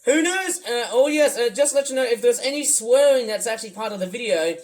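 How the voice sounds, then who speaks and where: A man from the UK rambling through a livestream commentary, wordy and repetitive, swinging between loud bursts and low mutters. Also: lively intonation, fairly quick, rough recording. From United Kingdom. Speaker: YouTuber. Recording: faint music under the voice. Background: music playing.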